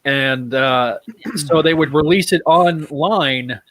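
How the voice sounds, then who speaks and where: A man in a casual group video call, talking in halting, emphatic bursts. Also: a little high, fairly bright tone, dry recording.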